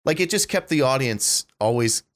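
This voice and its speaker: A man co-hosting a podcast, talking excitedly in a casual way, full of "like" and "dude", with some swearing. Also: mid-range voice, normal speed, no room sound, clean studio sound. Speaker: podcast co-host. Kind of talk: casual chat.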